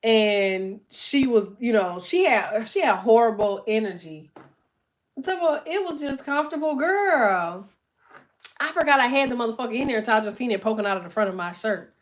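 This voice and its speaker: A woman with a fairly high voice rants casually to her followers. She rambles, swears freely and leans on "like" as a filler. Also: animated, normal speed. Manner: profane, rambling, heavy filler "like". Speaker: vlogger.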